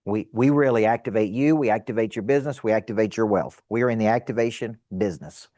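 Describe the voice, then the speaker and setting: A middle-aged man teaching a seminar to a live audience as a sales coach, energetic and emphatic, asking rhetorical questions. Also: fairly low pitch, fast, no room sound.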